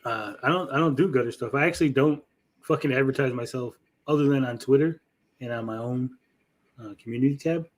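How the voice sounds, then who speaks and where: A man's voice: medium pitch, fairly quick. A man hosting a livestream, chatting casually while reacting to videos, blunt and sarcastic with lots of swearing. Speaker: streamer host.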